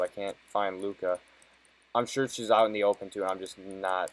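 A man's voice: low-pitched, fairly quick, rough recording. A young man giving casual, profanity-heavy commentary while playing a video game, frustrated and joking. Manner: swears constantly, frustrated and joking. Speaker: let's play gamer.

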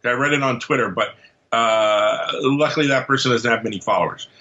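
A man talking as a podcast guest in casual chat, animated and jokey, acting out little scenes as he talks. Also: medium pitch, fairly quick. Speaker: comic book writer, podcast guest. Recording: dull lo-fi audio.

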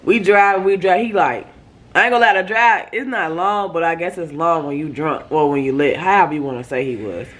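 A woman's voice: fairly low pitch, brisk. A young woman, telling a story in a vlog, swearing freely and acting out what her boyfriend said. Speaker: vlogger. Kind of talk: casual storytime chat.

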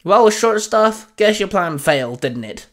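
A man's voice: on the high side, big pitch swings, slow pace. A man voicing a cold, blunt young woman who snaps and barks her replies. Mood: curt. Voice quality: curt, snapping.

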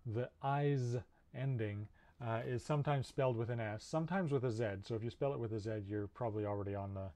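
In a recorded video lecture, a man teaching linguistics explains things patiently, often saying "uh." His voice is lowish with a dark tone.

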